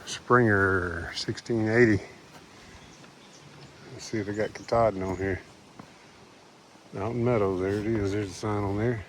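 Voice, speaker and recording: Low-voiced man vlogging on trail. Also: fairly even intonation, measured pace, pauses often, a bit bright, a little hiss or hum. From American South. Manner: rambling, chuckling, talks to himself while walking. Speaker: thru-hiker vlogger. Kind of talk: casual trail vlog narration. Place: outdoors on a mountain hiking trail.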